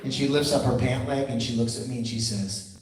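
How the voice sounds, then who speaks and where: A man telling stories to schoolchildren at an assembly, animated and playful, calling the kids his friends. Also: mid-range voice, brisk, heavy background noise. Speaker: children's musician speaking at a school assembly. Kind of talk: storytelling motivational talk to children. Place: school gym or auditorium with a crowd of kids. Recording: echoey hall from far off with crowd.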